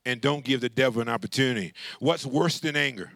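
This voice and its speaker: A man preaching a sermon as pastor, animated and conversational, calling out to the congregation for responses. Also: medium pitch, brisk, no echo. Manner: animated, with many restarts and asides.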